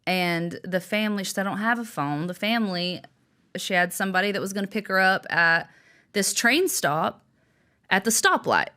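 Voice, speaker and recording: A woman's voice: mid-range voice, moderate pace. A young adult woman recounting a story as an interview guest. She tells it with animation, voicing the people in it and laughing along the way. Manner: animated storyteller, acting out quotes with a lively laugh. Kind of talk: storytelling in conversation.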